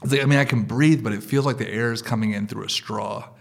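A man's voice: on the low side, fast talker, gravelly. A man telling a self-deprecating personal story on stage, hesitant with "um" and "like". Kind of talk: live storytelling.

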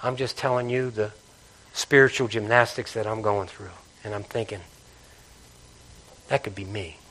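Man, pastor, church sermon, bright tense tone, impassioned, loud-to-hushed swings. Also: fairly low pitch, flat delivery, normal speed, slight background noise. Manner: impassioned preaching, swinging between loud emphasis and hushed intimacy.

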